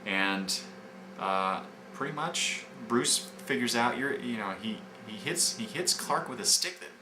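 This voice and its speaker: A man's voice: medium pitch, animated, measured pace. A man casually retelling comic book scenes in a review, rambling with many fillers and restarts. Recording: echoey room with background noise.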